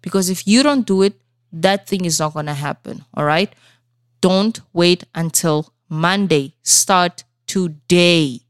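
A woman's voice: lowish voice, unhurried, dry recording, studio quality. A woman hosting a solo motivational podcast from South Africa. She talks straight to her listeners in an earnest, coaching tone and keeps checking in with them. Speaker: podcast host. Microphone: studio microphone.

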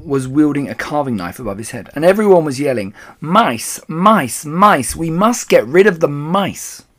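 Brief: male storybook reader for kids, lively and expressive, mid pitch. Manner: expressive, animated. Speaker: audiobook reader. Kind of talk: storybook narration for children.

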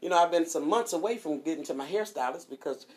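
A woman hosting a streaming devotional show, chatting casually and giving shout-outs before a Bible reading. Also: deep voice, fast. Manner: animated and chatty, swoops up on exclamations.

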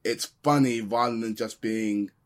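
A man's voice: on the low side, fairly even intonation, measured pace. A man reviewing a film in easygoing casual chat, with lots of ums.

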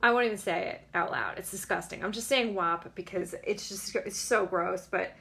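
A woman's voice: medium pitch, normal speed, creaky, fairly bright tone. A woman in her late thirties hosting a casual solo podcast from home, blunt, sarcastic and defiant. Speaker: podcast host.

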